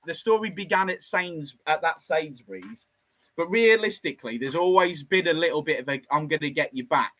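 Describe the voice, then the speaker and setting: Bloke, thirties, garage owner spinning a yarn, very lively pitch, slightly raised voice, dry sound. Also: male voice, no room sound, low-quality recording. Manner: lively, animated, acts out the other voices. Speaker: garage workshop owner telling a story. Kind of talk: casual storytelling.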